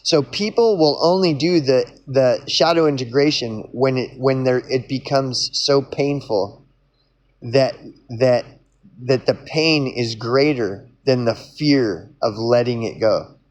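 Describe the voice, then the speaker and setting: A man's voice: medium pitch, slow pace. Rambling, profane man talking to camera. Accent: Oklahoman. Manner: rambling, profane, repeats himself and restarts. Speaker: vlogger. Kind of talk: casual monologue.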